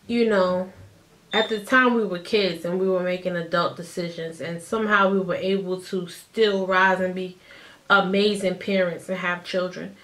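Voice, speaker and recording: A woman in her thirties, telling a personal story to the camera in a chatty, animated way and acting out what others said. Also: medium pitch. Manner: animated, chatty, acts out quotes. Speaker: vlogger. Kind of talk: casual storytime.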